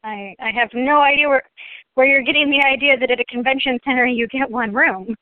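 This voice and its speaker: A woman's voice: sits high, fairly quick, no echo. A woman hosting a casual podcast chat, arguing her point with many restarts. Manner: argumentative, restarts a lot. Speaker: podcast host. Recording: tinny phone-like line.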